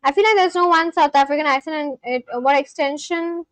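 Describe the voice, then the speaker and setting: A woman hosting a live stream, chatting casually and asking quick, curious questions. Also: high voice, no room sound.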